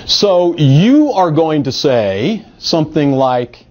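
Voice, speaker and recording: A man leads a live workshop at a meetup, calling volunteers up and directing them with energy. His voice sits a little high and swings widely in pitch. The audio is dull and lo-fi. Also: takes it slowly, few pauses. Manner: energetic, coaxing audience volunteers. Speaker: marketing presenter. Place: meeting room at a group meetup.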